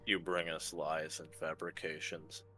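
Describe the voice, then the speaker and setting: An ancient alien Leviathan speaks in a deep, echoing voice inside the players' minds, as a man puts it on. It is slow, cold and dismissive, its voice pitched low. Faint music plays under the tabletop game. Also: little pitch movement, sharp tone, heavily acted. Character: ancient doubting Leviathan, vast alien mind-voice.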